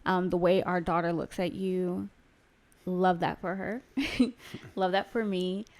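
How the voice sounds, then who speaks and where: A woman in her thirties co-hosting a podcast, talking in a warm, heartfelt, chatty way. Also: fairly low pitch, fairly even intonation, slow pace. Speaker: podcast co-host. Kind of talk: casual chat.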